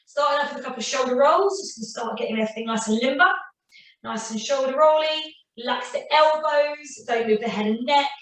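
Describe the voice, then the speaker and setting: A woman leading a Pilates class, calmly cueing breaths and counting reps. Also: high voice, a little fast, far from the mic. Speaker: Pilates instructor. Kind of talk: guided exercise class instruction. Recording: very echoey room, voice from off-mic.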